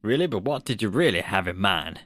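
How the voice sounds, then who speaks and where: A man's voice: on the low side, very animated, a little fast, fairly bright tone, no room sound. A man putting on an American accent to play a bemused film director. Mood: amused. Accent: put-on American.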